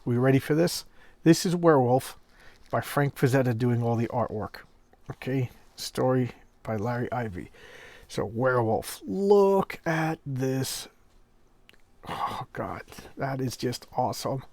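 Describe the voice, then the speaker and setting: Casual male comic reviewer, mid-pitch, enthusiastic and rambling, dry close mic. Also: measured pace, no room sound. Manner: enthusiastic, rambling, often trailing into soft asides. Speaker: comic collector reviewing an issue. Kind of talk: casual vlog, paging through a comic.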